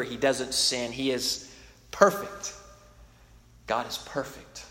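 A man's voice: a little high, a bit bright. A man preaching a sermon in an earnest, emphatic way, often restarting his sentences, in a church. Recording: long reverb of a large hall.

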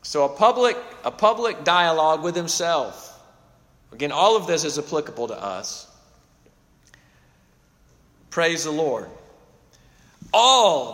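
A man with a notably high voice preaches an expository sermon, swelling on emphatic phrases and then dropping low. His words ring out with a long reverb, as in a large church hall. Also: fairly bright tone. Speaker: pastor.

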